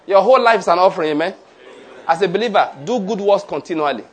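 Male preacher; higher-pitched, leads declarations in a sermon. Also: fast, some chatter behind. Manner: leads the congregation in call-and-response declarations.

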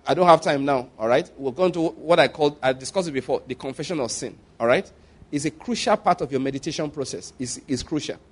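A man's voice: on the high side, fast talker. A middle-aged man preaching a sermon as a pastor, in a conversational way that repeats phrases for emphasis.

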